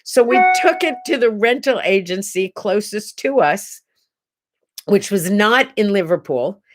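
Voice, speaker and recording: A woman's voice: mid-range voice, lively intonation, a little slow. A middle-aged American woman hosting a casual solo talk show, chatting in a rambling way and telling stories with many asides. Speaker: host.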